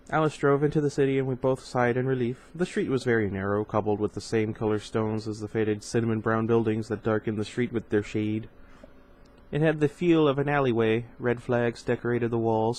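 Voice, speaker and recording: A man's voice: mid-range voice, steady tone, normal speed, darkish tone, poor audio. A man reading a novel aloud in an informal way, with casual asides and stumbles over hard words. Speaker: reader.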